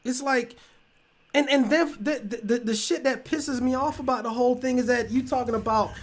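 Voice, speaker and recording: High-voiced man ranting heatedly. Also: fairly even intonation, normal speed. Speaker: show host. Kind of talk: casual podcast commentary.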